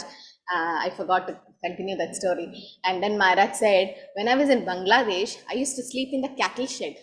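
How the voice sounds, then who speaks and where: A woman's voice: medium pitch, poor audio. A woman gives a scripture class with a mid-range voice. She tells devotional stories with animation and acts out the people in them. A light hiss of noise sits under the recording. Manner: animated storytelling, acting out quoted voices. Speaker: speaker giving a scripture class. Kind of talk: storytelling sermon.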